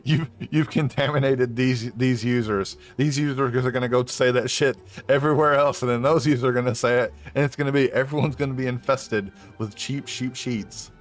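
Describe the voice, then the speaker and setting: A man's voice: medium pitch, fairly even intonation, normal speed, few pauses. A young man commenting casually while playing a game on stream, laughing often and swearing, rambling loosely. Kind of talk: casual let's-play commentary. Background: faint game music.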